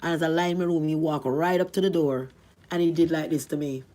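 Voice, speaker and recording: A middle-aged woman from Jamaica with a Jamaican accent, telling her life story in a rambling, animated way. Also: fast. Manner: rambling, animated, rising to cries at high points. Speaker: vlogger. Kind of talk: emotional storytelling.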